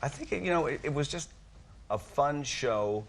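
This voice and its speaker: A celebrity guest on a talk show tells stories in a fairly high voice at a measured pace. He's an animated storyteller who acts out voices along the way, with a noisy studio audience audible in the recording.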